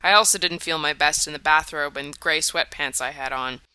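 Brief: wry first-person audiobook narrator, crisp bright voice, dry close recording. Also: mid-range voice, moderate pace, dry recording.

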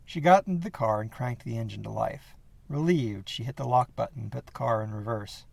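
A man narrating a horror story in a steady, measured reading voice. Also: medium pitch, gravelly.

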